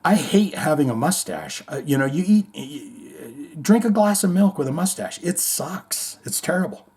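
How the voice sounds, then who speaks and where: A male host chatting loosely through music headlines, his pitch bouncing all over as he jokes and swears. He rambles, trails off, and mocks the quotes he reads. The tone is loose and offhand, like talking to regulars. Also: lively intonation, normal speed, a little mellow, slightly rough. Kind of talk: casual commentary on music news.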